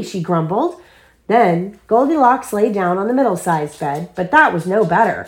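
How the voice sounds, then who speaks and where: A young mother reading a picture book aloud to her child at bedtime, with playful, expressive delivery. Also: medium pitch, normal speed. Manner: expressive, playful character voices.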